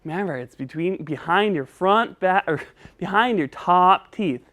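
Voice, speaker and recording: A woman's voice: lowish voice, expressive, measured pace, fairly bright tone. A woman teaching a children's speech lesson, patient and encouraging, coaching step by step.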